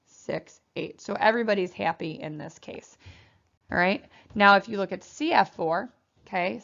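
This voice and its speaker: A woman's voice: lowish voice, vocal fry. A woman chemistry teacher giving a classroom lecture, explaining bonding and sometimes voicing the atoms playfully. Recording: muffled lo-fi classroom recording.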